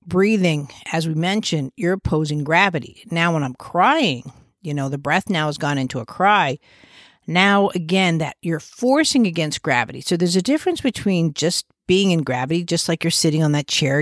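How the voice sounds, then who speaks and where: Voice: mid-range voice, no echo, studio quality. Chatty podcast host explaining baby development. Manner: conversational, often restarts and uses fillers; gives warm, reassuring asides. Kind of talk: casual explanatory podcast talk.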